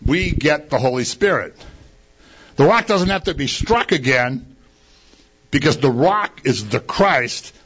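A man's voice: on the high side, a bit bright, breathy edge, dull audio. A man preaching a sermon in a conversational way, asking his listeners rhetorical questions.

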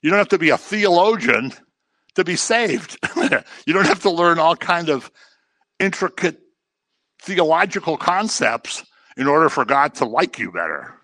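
Big pitch swings and a sharp tone mark this unhurried middle-aged man, recorded dry, as he leads an informal Bible study. He keeps it casual, repeating phrases for emphasis and mocking other people's voices in a low register.

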